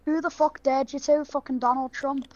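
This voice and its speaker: A high-voiced gamer teasing a stranger over voice chat, crude and full of swearing. She speaks quickly in a casual, mocking way. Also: level tone, darkish tone, muffled recording. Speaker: player in the game lobby.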